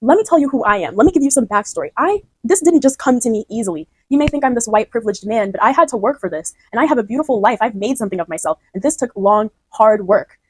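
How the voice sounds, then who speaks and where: A woman's voice: on the high side, animated, quick pace, few pauses, slightly rough, no room sound. A woman voicing a proud, defensive middle-aged man who pleads indignantly.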